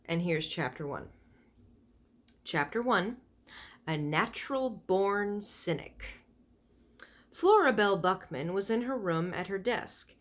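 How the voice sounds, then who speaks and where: A woman's voice: medium pitch, expressive, takes it slowly, long pauses. A woman reading a children's novel aloud, stopping for chatty asides that explain the pictures and fonts. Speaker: reader of a children's book.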